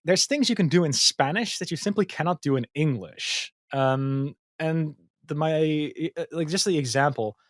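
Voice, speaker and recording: A male machine learning engineer, appearing as a guest on a casual podcast, talks through ideas thoughtfully but hesitantly, full of ums, likes and restarts. His voice sits fairly high in pitch, and the recording is dry and clean, with a studio sound.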